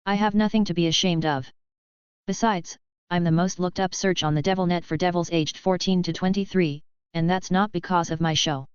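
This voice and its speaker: A woman's voice: lowish voice, fairly even intonation, moderate pace, clean tone, no room sound. A woman narrating a novel in the first person, with a casual, snarky manner. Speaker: audiobook narrator. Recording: dull lo-fi audio.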